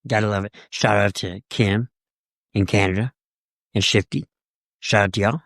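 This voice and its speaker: A podcast co-host speaks in a somewhat low voice and tosses in dry, teasing quips. The recording is close and free of room sound. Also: male voice, fairly even intonation, moderate pace, creaky, fairly bright tone, dry recording. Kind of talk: casual chat.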